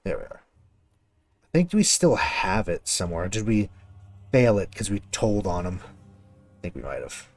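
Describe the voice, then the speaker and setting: A man's voice: low-pitched, very animated, measured pace, pauses often. A man streaming a video game, chatting casually with viewers and swearing when a fight goes badly. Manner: talks to viewers while playing. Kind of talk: casual gameplay commentary.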